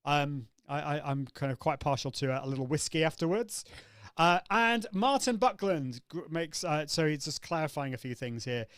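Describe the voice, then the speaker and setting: A man's voice: a little high, lively intonation, moderate pace, fairly bright tone, clean tone, dry recording. A man hosting a live coaching show, upbeat and demonstrative, answering viewers' comments as he teaches. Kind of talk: live-stream coaching talk.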